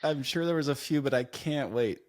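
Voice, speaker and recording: A man's voice: mid-range voice, brisk. A man co-hosting a podcast, chiming in with short encouraging remarks in casual chat. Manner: encouraging, short interjections and prompts. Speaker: podcast co-host.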